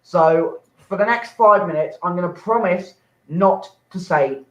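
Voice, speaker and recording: A young man hosting and doing a rambling, sweary stand-up set from his flat, breaking into sudden shouts. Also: high voice, a little slow, background noise. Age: young adult. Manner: rambling, swearing, self-interrupting, shouting bursts. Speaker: host and stand-up comic. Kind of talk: stand-up set on an online open mic. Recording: echoey, dull lo-fi home mic.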